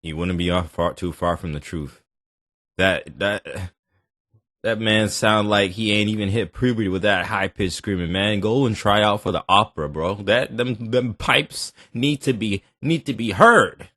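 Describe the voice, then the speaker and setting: A man hosting a reaction video, talking in animated, joking, slangy banter. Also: fairly low pitch, measured pace, no room sound, clean studio sound. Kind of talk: casual reaction commentary.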